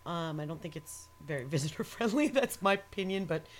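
A woman with a lowish voice talks in a loose, rambling way. She is opinionated and curses freely. Laughter often breaks into her speech. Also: lively intonation, brisk, a little hiss or hum. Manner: laughs often while talking. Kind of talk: casual chat.

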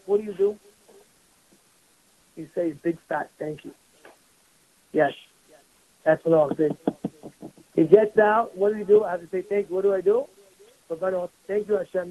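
Husky high-voiced rabbi preaching. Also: male voice, phone-quality sound. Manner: emphatic, repetitive rhetorical questions. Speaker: rabbi teaching a weekly class. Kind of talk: Torah class sermon.

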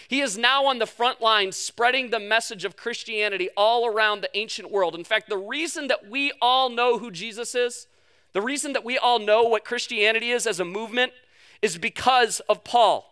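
A man delivers a conversational sermon at a church service. His voice sits very high and sounds bright. He talks in an animated way and slips in jokes and playful asides. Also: normal speed, smooth. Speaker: preacher. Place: church service before a congregation.

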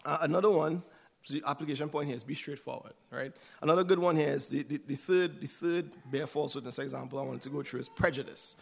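Man, church speaker, casual sermon, raised voice with some fry, keeps asking "right?". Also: a little high, fast. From United States. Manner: conversational, asks "right?" often.

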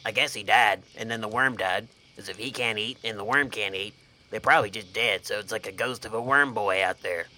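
Brief: man in his own voice, co-host spinning a goofy campfire tale, folksy deadpan, very bright sharp tone. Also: lowish voice, fairly quick. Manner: folksy, drawling deadpan delivery. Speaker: podcast co-host and storyteller. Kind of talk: comedic campfire storytelling.

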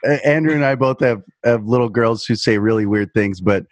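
A man's voice: lowish voice, brisk, no echo. Wry male podcast host. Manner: wry, joking, with frequent fillers. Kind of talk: casual movie review chat.

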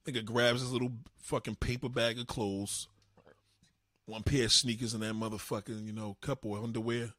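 A man hosting a livestream, ranting in a profane, animated way. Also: medium pitch, brisk, no room sound, clean studio sound. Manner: profane, animated, swinging delivery. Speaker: livestream host. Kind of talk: ranting comedic commentary.

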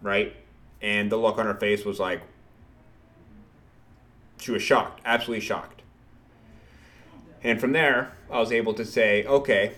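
Man, low voice, sales podcast host, punchy and repetitive, swears casually. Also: measured pace, long pauses. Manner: energetic, punchy, repeats phrases, swears casually. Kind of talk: solo motivational sales podcast.

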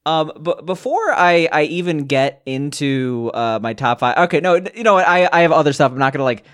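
A young man co-hosting a casual gaming podcast, talking in an animated, rambling way with many restarts and fillers. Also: on the high side, brisk, clear, resonant tone. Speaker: podcast co-host. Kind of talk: casual chat.

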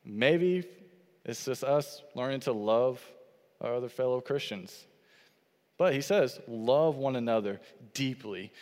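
A man's voice: medium pitch, animated, takes it slowly, a little mellow, in a large hall. A man preaching a sermon as pastor, earnest and repetitive, quoting scripture and building phrase on phrase.

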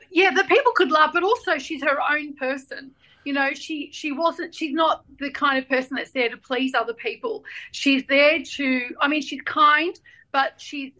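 Guest author: a high-pitched Australian woman, animated and chatty, acting out the people in her stories. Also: moderate pace, low-quality recording. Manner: animated storyteller, acts out voices in anecdotes. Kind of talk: casual chat.

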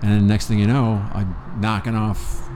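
A man's voice: lowish voice, little pitch movement, normal speed, darkish tone. A man co-hosting a casual podcast, joking and crude, teasing his partner. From Pennsylvania, USA. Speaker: podcast co-host. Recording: faint background noise.

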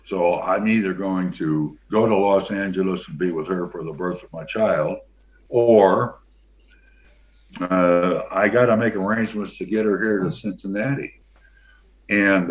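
Deep-voiced older man telling a story. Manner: relaxed, rambling, with many fillers. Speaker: guest, former pro football player. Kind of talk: anecdotal storytelling. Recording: dull lo-fi sound.

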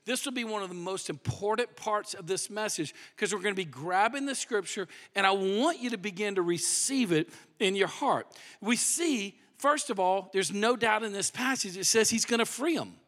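Animated high-voiced male preacher, hall reverb. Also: moderate pace, hardly any pauses. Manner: animated preaching, drops to hushed emphasis. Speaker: pastor. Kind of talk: sermon.

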